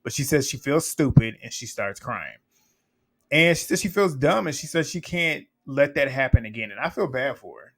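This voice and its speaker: A man's voice: mid-range voice, lively intonation, normal speed, a bit bright. A man giving a casual recap of a reality TV episode, chatty and blunt, swearing freely and laughing often as he acts out what people said.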